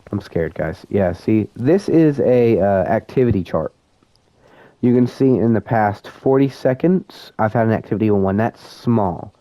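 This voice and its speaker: A nervous young man narrates a horror game to his viewers, mocking himself as he goes. His low voice has a gravelly edge, and the lo-fi recording sounds dull. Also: no room sound. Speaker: student gamer. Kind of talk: casual game commentary.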